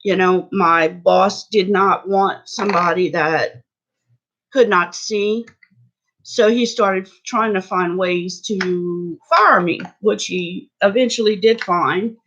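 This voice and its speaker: An older woman from Louisiana, talking candidly and haltingly to her vlog viewers. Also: medium pitch, steady tone, fairly bright tone, muffled recording. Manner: slow, halting, candid, many restarts. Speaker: beauty vlogger. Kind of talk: personal vlog talk.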